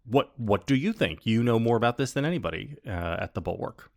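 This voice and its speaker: A man's voice: medium pitch, animated, brisk, gravelly, a little mellow. A man hosting a podcast in casual chat, joking and rambling with lots of fillers. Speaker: podcast host.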